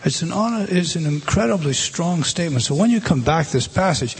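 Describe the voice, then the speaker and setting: A man's voice: on the high side, expressive, fairly quick, creaky, hardly any pauses, husky. Emphatic male preacher. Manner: emphatic, repeats words as he goes. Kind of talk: sermon.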